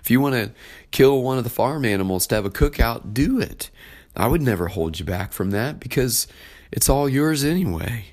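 A man voicing an older father who gently pleads with his son, warm and joyful. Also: medium pitch, lively intonation, moderate pace, pitched above the performer's own voice. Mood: pleading.

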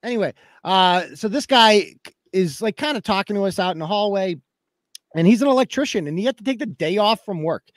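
A man's voice: high voice, animated, brisk, dry recording. A man hosting a podcast, telling a story in a heated, profane rant and acting out other people's lines as he goes. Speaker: podcast host.

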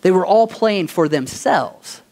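A pastor preaching a sermon, asking the congregation questions for call-and-response and telling stories with animation. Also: male voice, sits high, unhurried, vocal fry. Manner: animated storytelling.

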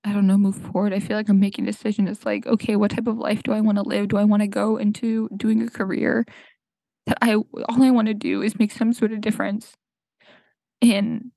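A young woman recording a tearful, halting personal monologue on her podcast mic, crying and sniffling as she searches for words. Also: medium pitch, little pitch movement, gravelly, warm tone, dry recording. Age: young adult. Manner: halting, full of fillers and restarts. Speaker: podcast host. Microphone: home podcast mic.

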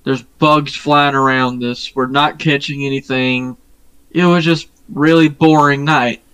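A man co-hosting a podcast, telling a long story in casual chat, rambling and profane, often pausing on fillers. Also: a little high, a bit bright, clear, resonant tone, dry recording. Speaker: podcast co-host.

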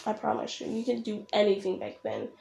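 A woman's voice: medium pitch, big pitch swings, a little fast, gravelly, darkish tone, roomy sound. A young woman ranting bluntly and sarcastically while she reacts to a video. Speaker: reaction vlogger.

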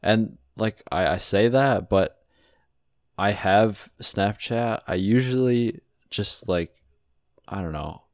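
A young man talks slowly and easily in a very deep voice, hesitating and hedging as he searches for words. The sound is dry and close, with no room behind it. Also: dry recording. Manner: slow, laid-back, hesitant. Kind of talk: casual chat.

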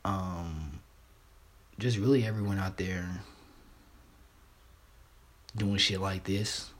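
A man's voice: deep voice, steady tone, takes it slowly, long pauses. A man hosting a casual solo podcast, talking in a laid-back, rambling, profane way, stuttering and restarting often. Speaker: podcast host.

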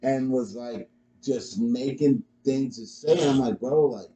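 A man's voice: mid-range voice, unhurried, mellow, husky. A man co-hosting a podcast, telling a laid-back story in casual chat and swearing freely. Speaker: podcast co-host.

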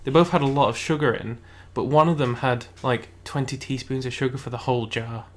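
Chatty man, mid-pitched voice. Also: fairly even intonation, fairly quick. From Cumbria, England. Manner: chatty, laughs easily. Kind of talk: casual chat.

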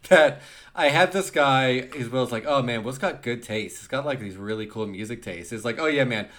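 A man's voice: mid-range voice, moderate pace, fairly bright tone. Chatty, laughing male podcast co-host. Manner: chatty, laughs often, repeats words. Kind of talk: casual chat.

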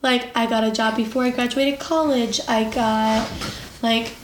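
A woman's voice: a little high, steady tone, unhurried. A woman in her twenties co-hosting a podcast, telling stories in chatty, giggly casual talk. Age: 20s. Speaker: podcast co-host. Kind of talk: casual chat. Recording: echoey room, faint noise.

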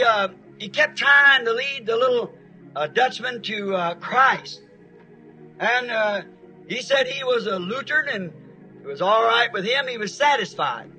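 A man's voice: high voice, pushed and bright, rough recording. A man preaching a sermon, telling a folksy story with emphatic, rising outbursts.

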